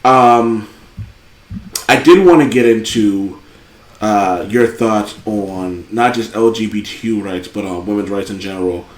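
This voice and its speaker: A man hosting a podcast in casual chat, telling stories in a rambling, profane, animated way. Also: lowish voice, measured pace. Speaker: podcast host. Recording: echoey room.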